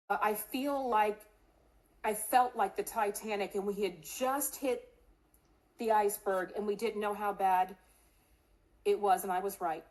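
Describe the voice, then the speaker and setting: A woman's voice: a little high, low-quality recording. A middle-aged woman, a candidate in an interview, telling a personal story with earnest feeling and acting out the voices of people she quotes. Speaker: congressional candidate.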